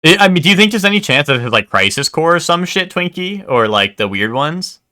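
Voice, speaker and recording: A man's voice: a little high, sing-song, a little fast, pushed and bright. A man live-streaming, chatting casually with his viewers in a rambling way, full of "like" and "um" and casual swearing.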